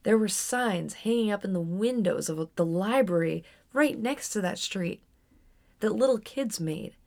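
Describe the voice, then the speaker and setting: A woman's voice: mid-range voice, animated, a little slow, gravelly, darkish tone. A young adult woman telling a personal story on her podcast in a candid, rambling way with frequent restarts. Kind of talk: casual storytelling monologue.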